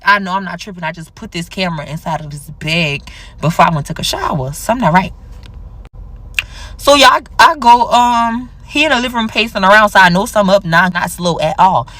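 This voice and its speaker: A young woman telling a personal story casually, acting out the dialogue with big jumps in her voice. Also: no echo. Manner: animated, acts out quoted dialogue with big pitch jumps.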